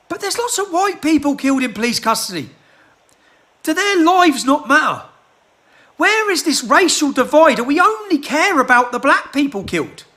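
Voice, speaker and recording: A man delivering an agitated rant into his handheld phone, firing off rhetorical questions and clearing his throat. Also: extremely high pitch, pushed and bright. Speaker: political activist. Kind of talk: impassioned rant to a phone camera.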